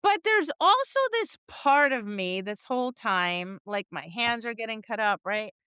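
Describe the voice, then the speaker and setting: A woman co-hosting a dog training podcast, chatting casually and acting out her students and dogs in lively voices. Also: fairly high pitch, unhurried, clear, resonant tone, dry recording. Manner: animated storyteller, acts out voices, laughs and swears. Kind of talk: casual chat.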